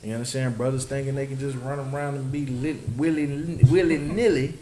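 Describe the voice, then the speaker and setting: Here a man's mid-range voice moves briskly with fairly even intonation while a crowd is heard behind him. He preaches emphatically during a scripture study, often asking if people understand. It's a roomy, noisy recording.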